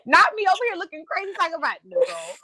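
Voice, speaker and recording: A woman hosting a livestream from home, chatty and quick to laugh, talking over a video call. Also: extremely high pitch, big pitch swings, pushed and bright. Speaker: livestream host. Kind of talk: casual chat.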